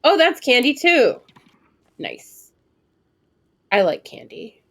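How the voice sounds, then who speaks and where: A woman in her twenties streaming live gameplay commentary, chatting and thinking aloud, with sudden excited squeals and casual swearing. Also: mid-range voice, a little slow.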